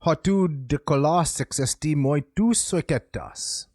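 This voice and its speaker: A man reciting the lines of a troubled old man in slow, measured verse, in the style of a reconstructed ancient reading. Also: fairly high pitch, darkish tone, dry recording, studio quality. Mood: declaiming.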